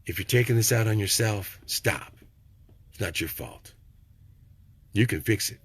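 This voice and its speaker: Older husky-voiced man, folksy and preachy. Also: measured pace, no room sound. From Texas. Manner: preachy, folksy, swings from low and quiet to loud. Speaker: vlogger. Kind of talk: rambling motivational monologue.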